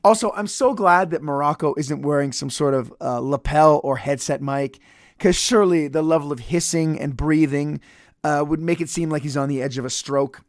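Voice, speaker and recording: A man's voice: fairly high pitch, moderate pace, no room sound, studio quality. A man reviewing a wrestling match in casual solo podcast commentary, profane, sarcastic and rambling.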